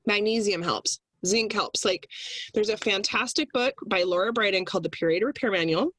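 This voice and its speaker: A woman talking as a podcast guest, animated and laughing, acting out exaggerated inner voices. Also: medium pitch, moderate pace, a little hiss or hum. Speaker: guest speaker. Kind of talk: casual podcast chat.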